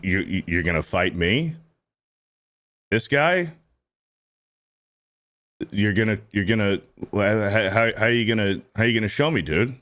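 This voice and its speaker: A man's voice: lowish voice, lively intonation, unhurried, long pauses, fairly bright tone. A man hosting a stream, giving casual reaction commentary in a blunt, profane, repetitive way. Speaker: streamer host.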